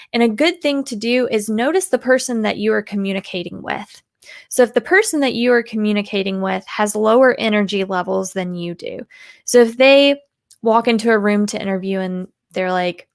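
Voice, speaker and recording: A woman from the United States answering interview questions as a communication coach, animated and acting out example voices. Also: medium pitch, gravelly, dry recording.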